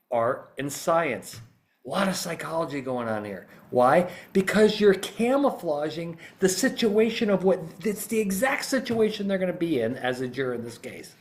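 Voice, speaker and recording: A man who is a litigation psychologist, giving an animated, emphatic instructional talk on a podcast. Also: a little high.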